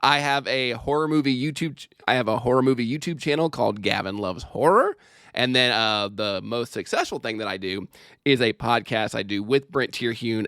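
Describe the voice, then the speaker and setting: A man's voice: medium pitch, a bit bright, no echo, studio quality. A man in his thirties, a stand-up comedian guesting on a podcast over a remote call, joking and swearing casually. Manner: jokey, sweary, quick asides. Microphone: remote call microphone.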